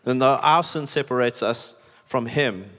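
A man's voice: mid-range voice, a little slow, fairly bright tone. A man preaching a sermon in a chatty, emphatic way, with many "like"s. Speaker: pastor. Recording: echoey hall with long reverb.

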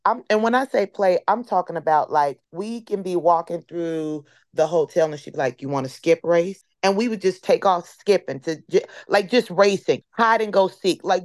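A woman comedian telling a story in an interview, expressive, calling the listener honey and baby. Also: lowish voice, a little slow, no room sound, studio quality.

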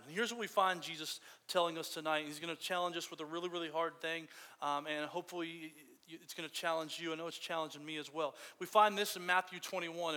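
A man's voice: on the high side, pushed and bright. A man preaching a sermon in a casual, storytelling way. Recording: long hall reverb.

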